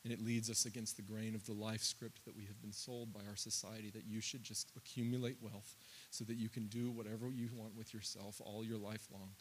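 A man in his thirties preaching a sermon, climbing loud and high through lists and quoted prayers, then dropping low and quiet. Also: little pitch movement, a little fast, a little hiss or hum. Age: 30s. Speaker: pastor.

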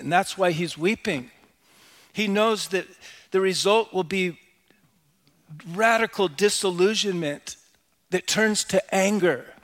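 A middle-aged man preaching a sermon in a church, swinging from loud proclamation to quiet, confessional asides. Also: high voice. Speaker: pastor.

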